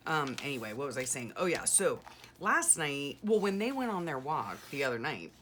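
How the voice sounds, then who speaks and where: Middle-aged lady journaling on camera, chatty rambling storyteller, lots of fillers, low pitched. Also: very animated, normal speed, fairly bright tone, a little hiss or hum. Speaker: journaling vlogger. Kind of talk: casual rambling chat.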